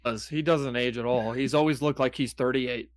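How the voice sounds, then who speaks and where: A man's voice: mid-range voice, fairly even intonation, moderate pace. A man in easygoing casual chat who laughs often and agrees readily. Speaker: podcast co-host.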